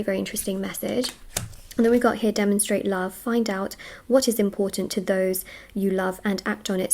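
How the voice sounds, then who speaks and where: A woman reading tarot cards for her viewers in a quick, gushing, reassuring flow. She is a little out of breath and keeps sliding in fillers as she talks, with a voice of middling pitch. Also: darkish tone. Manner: fast-talking, gushing, reassuring, many fillers. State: short of breath. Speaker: tarot reader. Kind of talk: casual spiritual reading to camera.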